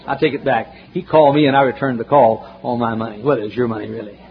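A man preaching a sermon, telling folksy stories and swinging between loud emphatic questions and hushed asides, in a church. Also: medium pitch, fairly even intonation, quick pace, slight background noise. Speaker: pastor. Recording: dull lo-fi sermon recording, faint ambience.

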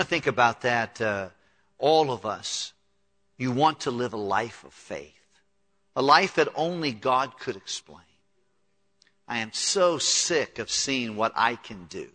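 A man's voice: mid-range voice, pushed and bright. A man preaching a sermon as pastor, earnest and building to emphatic peaks, in a large church hall. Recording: long reverb of a large hall.

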